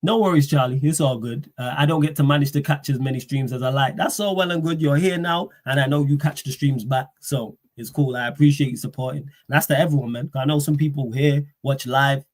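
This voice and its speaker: A man, hosting a football livestream, talking in a slangy, animated way and firing off rhetorical questions. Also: mid-range voice, brisk, few pauses. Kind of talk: casual live-stream rant.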